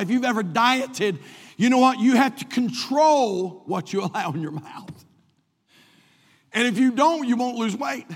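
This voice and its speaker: A man preaching a sermon as pastor, stretching out key words for emphasis. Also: very high-pitched. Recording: long reverb of a large hall.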